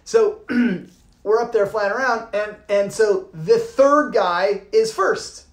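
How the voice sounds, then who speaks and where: A man, a yoga teacher, giving an informal talk and telling a lively story, swearing casually and acting out the people in it. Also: high voice, slow. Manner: animated, swears casually, acts out voices. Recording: roomy echo.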